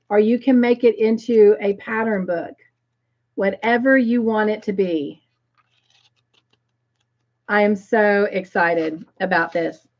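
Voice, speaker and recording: A woman hosting a crochet live stream, reading viewer comments aloud and gushing with excitement. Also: mid-range voice, highs cut off.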